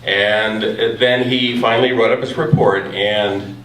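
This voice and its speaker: A man telling a true personal story live and without a script, halting over his words with a wry tone. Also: fairly low pitch, steady tone, a bit bright, far from the mic. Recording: roomy live room from afar, faint ambience.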